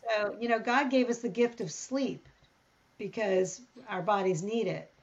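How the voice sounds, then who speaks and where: A woman talking through a Bible passage in casual conversation, reading verses aloud and thinking out loud. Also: medium pitch, unhurried, highs cut off. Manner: thinks aloud, reads scripture, animated when surprised. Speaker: Bible study co-host. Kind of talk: casual Bible study discussion.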